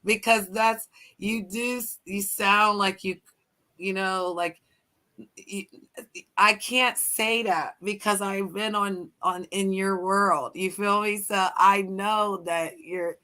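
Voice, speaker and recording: A woman from Pennsylvania with a Pennsylvania accent chats casually in a mid-pitched voice. She rambles and restarts her sentences often, laughing easily. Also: steady tone, bright, forceful tone. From Pennsylvania, United States. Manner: rambling, halting, quick to laugh. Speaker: streamer and guest. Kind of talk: casual chat.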